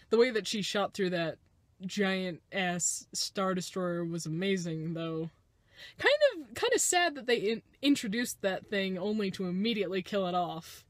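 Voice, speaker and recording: Young woman rambling excitedly about a movie she just saw, kinda high voice, swears a lot, jumps from yelling to mumbling, bit out of breath. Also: measured pace. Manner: swearing, excitable, swings between loud outbursts and low mutters. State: winded. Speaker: vlogger. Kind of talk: casual movie reaction rant.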